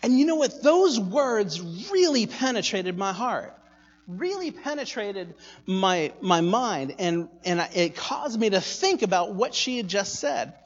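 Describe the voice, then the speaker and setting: Animated male preacher telling a story, moving from quiet asides to loud bursts; muffled, reverberant hall. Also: sits high, measured pace. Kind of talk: sermon storytelling. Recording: echoey hall, dull sound.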